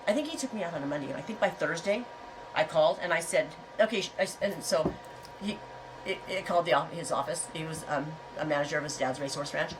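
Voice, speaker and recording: A woman's voice: low-pitched, fast, recorded from a distance, background noise. A middle-aged woman hosting a casual livestream chat, talking in a frank, rambling way and telling stories with animation. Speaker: host.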